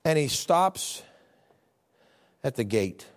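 A man preaching a sermon, animated, acting out scripture scenes with voices. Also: mid-range voice, takes it slowly.

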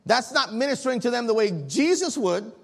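A man preaching a sermon as pastor, telling a story in an animated way while the congregation answers back. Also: very high voice, fairly quick, vocal fry.

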